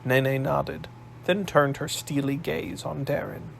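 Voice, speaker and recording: Slow gravelly male audiobook narrator. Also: a little high, steady tone, a little hiss or hum, poor audio. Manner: measured storytelling.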